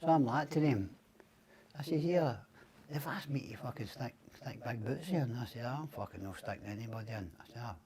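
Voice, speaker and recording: A man's voice: mid-range voice, lively intonation, brisk, a crowd in the background. A middle-aged Scottish man, a podcast guest, telling rambling, profane stories and acting out the other people's lines. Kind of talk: casual storytelling.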